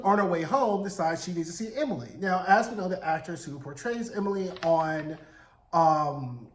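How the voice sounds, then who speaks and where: A man in his forties giving a sassy, animated casual recap of a TV episode, acting out the characters' lines. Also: high-pitched, slight background noise. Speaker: TV recap vlogger. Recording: roomy echo.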